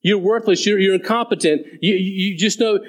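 A man's voice: sits high, fairly even intonation, fairly quick. A man voicing a scornful male Pharisee who looks down on the crowd, talking in a condescending, contemptuous way. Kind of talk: acted scripture paraphrase in a sermon.

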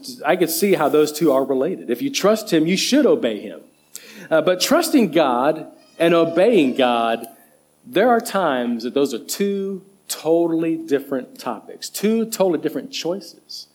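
A middle-aged man delivers a sermon with a lively, swooping voice that sits a touch high for a man. He hits key words with emphatic rises, then drops back down. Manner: emphatic, stresses single words with rising pitch. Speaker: associate pastor and children's director.

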